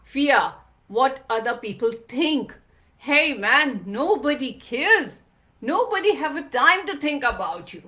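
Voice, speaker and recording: Slow, bright-voiced woman telling her story. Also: sits high, big pitch swings. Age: adult mother of a young child. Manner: earnest, emphatic, repeats phrases. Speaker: guest speaker. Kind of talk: personal storytelling talk.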